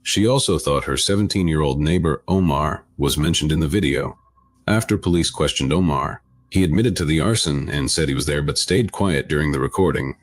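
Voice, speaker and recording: Man, scripted narration, extremely deep voice, dry sound. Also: fairly quick, no room sound. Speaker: video narrator.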